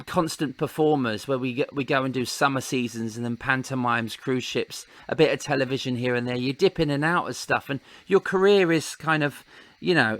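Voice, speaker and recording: A middle-aged man hosts a relaxed conversation, chatty and full of small restarts and laughter. His voice sits at an ordinary pitch and is recorded dry and close. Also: dry recording. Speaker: podcast host and entertainer. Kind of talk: casual chat interview.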